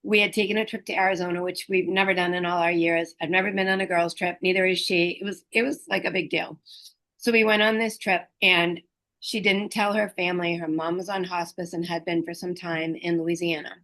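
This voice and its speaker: A middle-aged woman, a hospice liaison and educator, speaking gently and earnestly about caregiving, with pauses and fillers. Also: fairly low pitch, little pitch movement. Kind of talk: reflective talk on caregiving.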